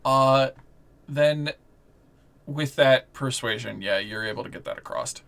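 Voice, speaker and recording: A game master narrates a tabletop game slowly and loosely, full of fillers and restarts. The voice sits in a middle pitch. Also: gravelly. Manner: relaxed, rambling narration with fillers.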